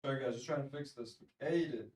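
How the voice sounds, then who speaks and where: A man's voice: medium pitch, quick pace, a little mellow. A man streaming live, chatting casually and thinking aloud, with plenty of swearing.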